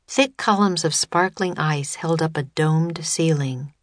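A woman reading a children's chapter book aloud as narrator, measured and even, close to the mic. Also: low voice, no room sound. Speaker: audiobook narrator. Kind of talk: scripted narration.

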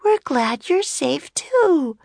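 A woman's voice: high voice, big pitch swings, slow, vocal fry, a little mellow, dry recording, pitched above the performer's own voice, full character voice. A woman voicing an eager, curious young girl in an audiobook reading.

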